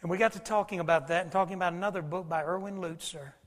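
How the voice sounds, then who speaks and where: A man preaching a sermon, telling a folksy story and swinging between loud and hushed. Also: high-pitched, fast talker. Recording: long hall reverb.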